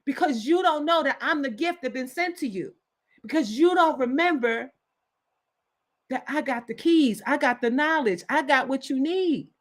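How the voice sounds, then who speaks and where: A woman gives an impassioned wellness talk, her voice sitting on the high side. She preaches with urgency and hammers her points home through repetition. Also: normal speed. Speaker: wellness speaker.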